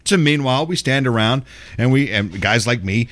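A man's voice: medium pitch, animated, normal speed, a bit bright. Cranky older man ranting on a podcast. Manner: cranky, sarcastic, swears constantly. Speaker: radio and podcast host. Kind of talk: profane ranting commentary.

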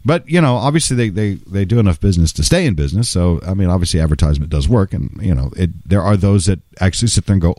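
A man's voice: low-pitched, lively intonation, fast, few pauses, dark tone, no room sound, clean studio sound. A male voice-over artist telling a casual story in a wry, conversational way, with some salty language.

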